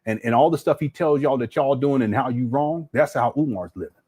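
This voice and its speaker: A man's voice: mid-range voice, brisk, a little mellow, husky. A middle-aged man hosting casual reaction commentary, laughing often and mocking what he plays. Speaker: commentary host.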